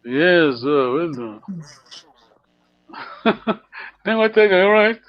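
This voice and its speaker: This man's voice leans high and sing-song, and he takes his time. He's teaching a language lesson by video call, laughing a lot while staying patient and encouraging. The sound is the dull, lo-fi kind you get from a video call.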